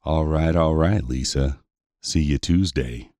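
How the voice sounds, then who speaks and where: A man playing a deep-voiced flirty cowboy. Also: slow pace, a little mellow, no echo, studio quality. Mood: flirting.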